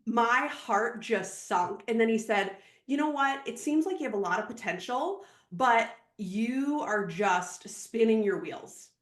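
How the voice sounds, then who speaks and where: Animated high-voiced woman in a roomy room. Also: a little slow, few pauses. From Minnesota. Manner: animated, laughing, breathless storyteller. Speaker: podcast guest, real estate agent. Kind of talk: casual storytelling interview. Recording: roomy echo.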